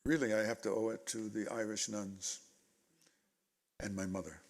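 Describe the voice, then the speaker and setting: A man in his eighties, a guest speaker telling stories from his life to a panel audience in an animated way. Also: on the low side, normal speed. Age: 80s. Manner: animated storyteller, voices quotes loudly. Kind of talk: storytelling in a panel talk.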